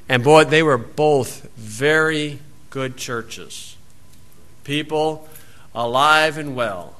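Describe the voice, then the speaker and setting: A man preaching a sermon in a folksy storytelling way, acting out the people in his stories and shouting out scripture. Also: medium pitch, extremely slow. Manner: folksy storytelling, acts out voices, loud shouted quotes.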